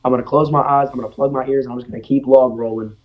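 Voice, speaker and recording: A man's voice: medium pitch, very fast, highs cut off. A young man, a podcast guest, telling stories in a casual way and acting out the voices of the people he quotes. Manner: animated, acts out quoted voices. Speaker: guest, former ranch student. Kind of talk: casual storytelling.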